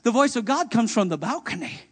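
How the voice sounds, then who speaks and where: A man pastor preaching a fiery sermon to a congregation in church. He shouts at the peaks and answers objections that he imagines from the crowd. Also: very high voice, very animated, a little fast, slightly rough. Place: church service.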